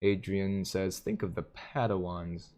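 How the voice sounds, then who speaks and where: A livestream host with a deep, darkish voice reads viewer comments aloud at an unhurried pace with fairly even intonation. He jokes casually, chuckling often between comments.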